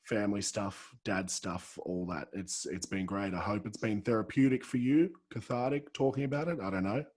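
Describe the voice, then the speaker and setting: A man with an Australian accent hosting a podcast, effusive and quick to laugh, often repeating himself as he talks. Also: lowish voice, darkish tone. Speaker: podcast host. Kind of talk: casual interview chat.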